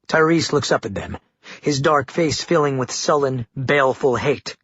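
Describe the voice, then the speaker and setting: A husky, breathy male narrator reads a gritty audiobook in measured, dramatic tones. The recording is dull and lo-fi, dry with no room sound. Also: mid-range voice, fairly bright tone, no echo.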